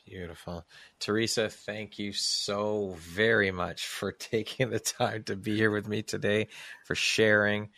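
A man's voice: fairly low pitch, flat delivery, a little slow, pushed and bright, dry recording. A man hosting a podcast interview, asking reflective questions and giving earnest, effusive thanks. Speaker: podcast host.

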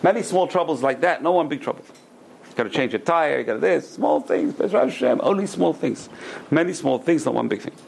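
A middle-aged man teaching a Torah lecture as a rabbi, an animated storyteller who repeats words for emphasis and drops in Hebrew terms. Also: on the high side, fairly quick, gravelly, slight background noise. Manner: peppers speech with Hebrew terms.

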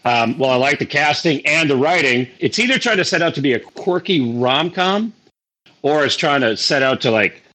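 A man reviewing a movie on a podcast in a measured, hesitant way. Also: fairly high pitch, animated, pushed and bright, poor audio. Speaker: podcast co-host.

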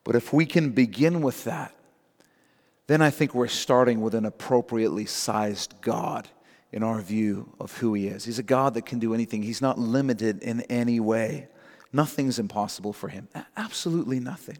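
Man, pastor, sermon, emphatic, repeats key phrases, mid pitch, long church reverb. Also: moderate pace, darkish tone. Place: church sanctuary. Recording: long reverb in a large hall.

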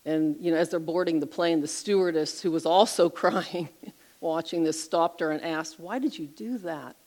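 A middle-aged woman with a slightly low voice narrates an inspirational story on a Christian talk show. Her pitch rises and falls freely as she builds each moment, and she lets her voice drop soft for the gentle parts. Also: moderate pace, rough recording. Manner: expressive storyteller, lively pitch swings.

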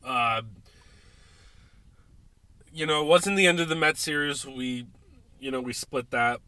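Ranting tipsy man with a bright voice. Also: medium pitch, a little slow, smooth, no room sound. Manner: swearing, exasperated ranting with sudden loud outbursts. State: drinking beer, tipsy. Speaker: podcast host. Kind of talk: casual ranting sports podcast.

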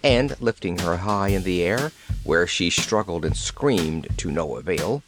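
A man narrating a storybook audiobook in a lively, expressive reading, over background music. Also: sits low, unhurried.

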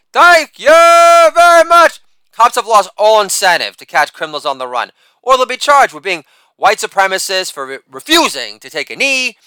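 High, lively sardonic middle-aged man. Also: smooth, dry recording. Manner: profane and sardonic, with a shouted catchphrase. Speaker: writer reading his own piece. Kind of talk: satirical rant reading.

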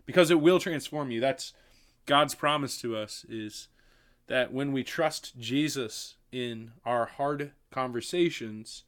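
A man's voice: medium pitch, takes it slowly. A young man co-hosting a faith podcast, talking earnestly and encouragingly. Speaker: podcast co-host. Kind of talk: casual chat.

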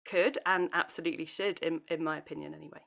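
Thoughtful British woman, lowish voice. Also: steady tone, fast talker, creaky, a bit bright. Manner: thoughtful, reflective. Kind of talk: casual podcast conversation.

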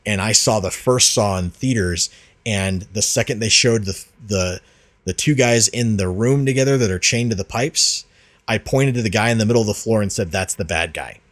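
On his laid-back podcast, a male host rambles about movies, constantly restarting sentences and filling gaps with fillers. He speaks at a normal speed in a fairly low voice.

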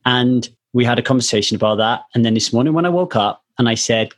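A man's voice: medium pitch, quick pace. A man hosting a casual conversation, earnestly telling a personal story in a reflective way.

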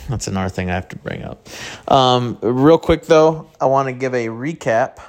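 A man's voice: mid-range voice, animated, moderate pace, a little mellow. A man from mid-Michigan hosting a casual sports podcast, rambling and joking at his own expense. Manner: rambling, joking, self-mocking.

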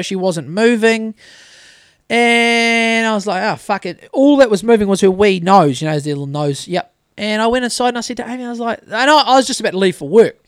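This New Zealand-accented man in his thirties hosts a laid-back podcast, where he swears freely and rambles through a story. His voice sits high and clean, captured dry at studio quality.

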